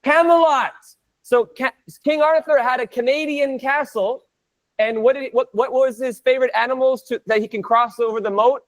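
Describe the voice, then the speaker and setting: A man teaching an online Spanish class, energetic and playful, drilling words by repeating them. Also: very high-pitched, moderate pace.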